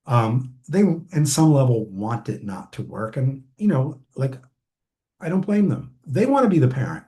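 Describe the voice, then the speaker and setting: A man's voice: medium pitch, expressive, unhurried, darkish tone. Man giving a therapy training talk. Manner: conversational, many ums and restarts. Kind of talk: recorded training lecture.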